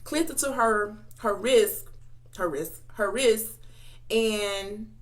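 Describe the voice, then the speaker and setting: A woman's voice: mid-range voice, slow pace. A woman vlogger telling a long story in a casual, rambling way, with many fillers and restarts, while eating between sentences. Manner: talks between bites of food. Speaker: mukbang vlogger.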